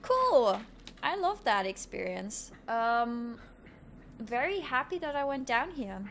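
A woman streams a game live, chatting playfully with viewers and laughing often at her own jokes in a giggly, self-mocking way. Her voice is a little high and very animated, her pace slow, and there's slight background noise.

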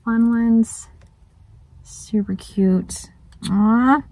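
A woman's voice: mid-range voice, drawn-out words, pauses often, dark tone, dry recording, low-quality recording. A woman vlogging outdoors by a lake, chatting and gushing, sometimes dropping to a whisper. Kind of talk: casual chat.

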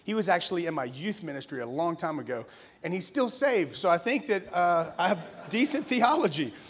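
Man in his thirties preaching, slightly high voice. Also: lively intonation, a little fast. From Louisiana, USA. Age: 30s. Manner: conversational storytelling with laughs and restarts. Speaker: pastor. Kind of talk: conference sermon, personal testimony.

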